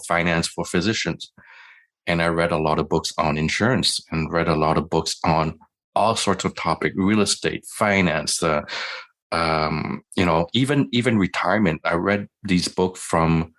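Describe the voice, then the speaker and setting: A man's voice: low voice, steady tone, moderate pace, fairly bright tone. A middle-aged man, a physician guest in an interview, telling his own story in a conversational way and acting out his past dialogue. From Canada.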